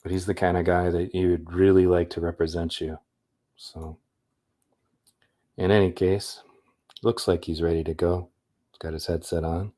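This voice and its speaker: A man's voice: deep voice, little pitch movement, normal speed, long pauses, mellow. A man hosting a livestream in a rambling, upbeat, chatty way. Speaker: livestream host. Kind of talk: casual livestream chat.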